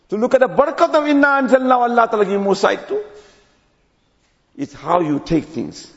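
A man giving a sermon as an imam, telling stories and dropping to low quiet tones at phrase ends. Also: big pitch swings, fairly quick, creaky, big-room sound, lo-fi sound.

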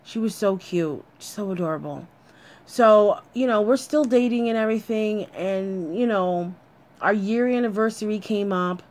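A woman's voice: medium pitch, normal speed, a little mellow. A woman telling a personal story in a blunt, candid way, swearing freely as she talks.

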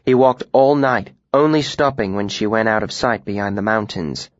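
A man reading a first-person audiobook in a measured, expressive storytelling manner. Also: on the low side, no echo. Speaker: audiobook narrator. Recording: dry, slightly muffled studio recording.

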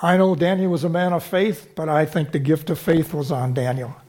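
A man with a high-pitched voice preaches a sermon. He teaches from scripture in a conversational way, often stopping to check in with the congregation through short questions. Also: steady tone, brisk, darkish tone. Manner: teaching, with frequent rhetorical check-ins to the congregation.

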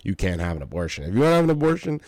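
This young podcast host has a low, slightly mellow voice, yet talks rapid-fire and very animated on a dry recording. Tired and yawning, he rambles through a casual early-morning monologue full of fillers and swearing.

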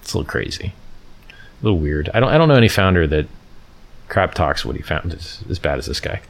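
A man with a fairly low voice hosts a casual livestream. He rambles and scrolls along, reading bits from the screen and throwing in sarcastic, mocking jabs. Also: big pitch swings, fast talker, gravelly. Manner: reads from the screen and chats with viewers. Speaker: livestream host.

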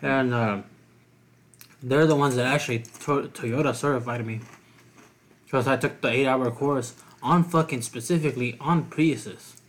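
A man's voice: medium pitch, measured pace. A young man co-hosting a podcast, talking in blunt, profane casual chat. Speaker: podcast co-host.

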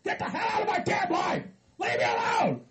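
A man voicing a hillbilly yelling curses, very high, gravelly, shouting. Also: lively intonation, moderate pace, some chatter behind, full character voice. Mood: ranting. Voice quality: raspy, screeching. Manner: yells curses nonstop. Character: paranoid, furious hillbilly man hearing voices. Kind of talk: hobby comedy skit acting.

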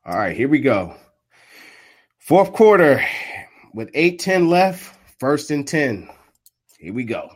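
A man doing casual live play-by-play of a football game, trash-talking and laughing, swinging from muttered asides to loud outbursts. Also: mid-range voice, very animated, slow, long pauses, breathy edge. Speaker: live sports commentator and streamer.

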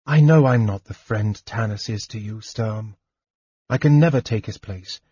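A man's voice: on the low side, normal speed, warm tone, slightly rough, dry recording, muffled recording. Determined young woman warrior, as a man reads her. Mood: earnest.

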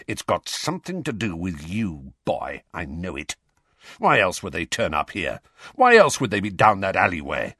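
Guy doing a loud bossy uncle, all accusing, voice jumping around, dry sound. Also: deep voice, wildly swooping pitch, moderate pace, breathy edge, dry recording, full character voice. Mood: blustering. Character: blustering bullying middle-aged uncle. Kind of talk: audiobook character reading.

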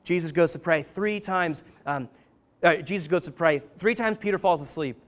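A man's voice: fairly high pitch, normal speed, fairly bright tone. A man preaching a casual sermon, retelling stories conversationally with many "um"s, "like"s and "right?"s. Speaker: pastor.

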